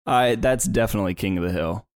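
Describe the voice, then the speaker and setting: A man's voice: lowish voice, fast, dry recording, studio quality. A man co-hosting a casual podcast, laid-back and wry as he guesses quiz answers. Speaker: podcast co-host.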